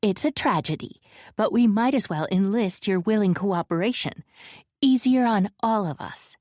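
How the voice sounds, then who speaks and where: A woman voicing a strident, brisk older woman leader who speaks curtly and matter-of-factly. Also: mid-range voice, expressive, darkish tone, dry recording, clean studio sound, pitched above the performer's own voice, close to an everyday voice.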